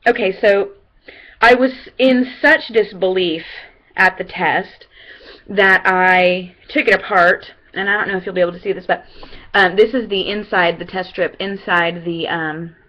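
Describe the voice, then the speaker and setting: A young woman with a bright, crisp voice talks casually into her computer's webcam at home. She rambles in a chatty, excitable way, full of "um"s and restarts. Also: mid-range voice, unhurried, low-quality recording. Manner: chatty, many fillers and restarts. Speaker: vlogger. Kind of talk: casual personal vlog.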